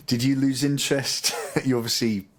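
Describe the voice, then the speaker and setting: A man's voice: medium pitch, slow. A man hosting a podcast, asking leading questions and laughing along. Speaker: podcast host. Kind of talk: interview questions.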